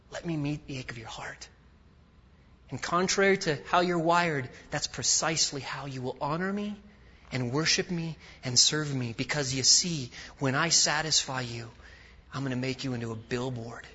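A man preaching a sermon as a guest speaker, swinging from loud emphatic peaks to quiet, intimate asides. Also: medium pitch, husky. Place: large church sanctuary. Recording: dull audio with long hall reverb.

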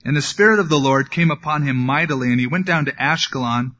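A man's voice: a little high, sharp tone, muffled recording. A man preaching a sermon, reading scripture and adding wry, conversational asides. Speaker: pastor.

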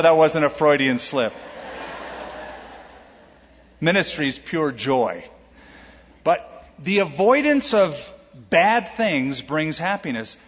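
A man pastor preaching a sermon, lively, acting out quoted voices with humor. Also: a little high, husky. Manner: animated, acts out quoted voices with jokes. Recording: echoey hall, dull lo-fi sound.

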